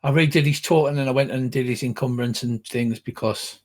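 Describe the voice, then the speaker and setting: Older guy running a tabletop game, lots of ums, halting explanations. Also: medium pitch, steady tone, a little mellow. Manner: rambling, halting explanations with many fillers. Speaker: game master.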